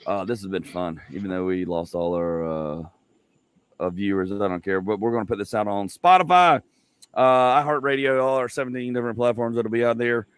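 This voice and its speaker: A man's voice: on the low side, fairly quick, clear, resonant tone, no room sound. Man, podcast host, casual rambling chat, jokey plugs, middle-aged, dry close sound. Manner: loose, rambling, joking, many fillers. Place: home.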